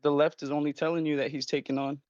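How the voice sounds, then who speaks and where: A man's voice: a little high, flat delivery, quick pace, darkish tone, no room sound. A man calling in to a talk stream, earnestly trying to persuade the host and talking over him. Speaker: caller. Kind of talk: call-in debate. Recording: dull, lo-fi call audio.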